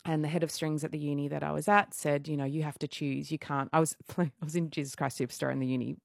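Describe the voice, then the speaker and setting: Chatty low-voiced woman, radio guest. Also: racing, vocal fry, no room sound, clean studio sound. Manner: chatty, animated storytelling with frequent fillers and laughs. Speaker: musical theatre performer, radio guest. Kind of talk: casual radio interview chat.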